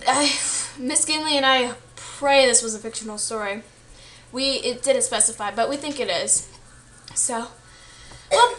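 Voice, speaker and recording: A woman's voice: a little high, a bit bright, a little hiss or hum. A young woman casually retelling a story she read, chatty and full of fillers, acting out the quoted lines. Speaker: student vlogger.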